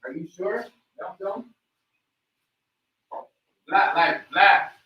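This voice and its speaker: A man's voice: high-pitched, extremely slow, lo-fi sound. A man hosting a reaction livestream, ranting in a heated, mocking way and repeating himself. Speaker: livestream host.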